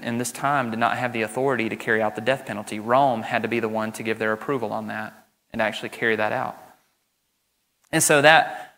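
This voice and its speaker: Bright-voiced pastor in a church hall. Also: male voice, mid-range voice. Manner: earnest and emphatic, speeding up when explaining. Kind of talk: sermon with scripture reading. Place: church sanctuary.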